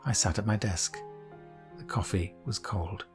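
A man narrating his own memoir in a quiet, reflective, wistful way, recorded on a studio mic. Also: on the low side, a little slow, faint music behind. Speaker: author and narrator.

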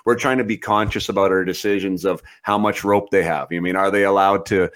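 A middle-aged man with a very low voice hosts a casual interview. He thinks aloud and rambles, restarting his sentences and tagging them with questions. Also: fairly even intonation, fairly quick, fairly bright tone. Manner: thoughtful, rambling with many restarts and "right?" tags. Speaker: podcast host.

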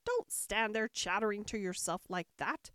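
Woman reader voicing a pompous male egg creature, storybook, haughty, slow emphatic delivery, swooping pitch, dry close sound. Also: animated, a bit bright, dry recording, natural voice. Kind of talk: storybook reading.

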